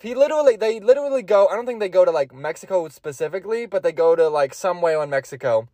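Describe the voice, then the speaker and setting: A young man talks through his solo podcast in a loose, rambling, profane way and keeps cracking himself up. His voice sits high for a man. The recording is close and dry. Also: animated, fast, few pauses, warm tone, no room sound. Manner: rambling, profane, laughs often. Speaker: podcast host.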